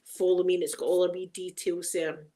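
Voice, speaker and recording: A woman's voice: lowish voice, little pitch movement, brisk, dark tone. A woman with a Scottish accent, hosting a casual unboxing chat. She is chatty and emotional and stumbles when reading aloud. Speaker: ASMR channel host.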